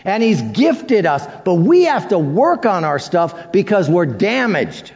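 Male pastor, high and expressive, self-mocking storyteller, dull recording with long hall reverb. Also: measured pace, vocal fry. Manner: animated storytelling with self-deprecating humor. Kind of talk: sermon.

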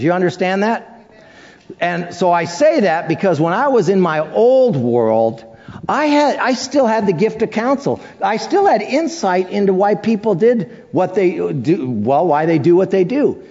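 Male pastor, high and expressive, self-mocking storyteller, dull recording with long hall reverb. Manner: animated storytelling with self-deprecating humor. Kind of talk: sermon.

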